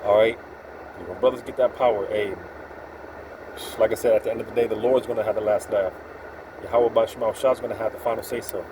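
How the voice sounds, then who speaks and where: A man's voice: lowish voice, steady tone, fairly quick, long pauses, noisy background. A man giving an informal, profane, streetwise religious talk, quoting scripture with emphatic asides. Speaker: preacher.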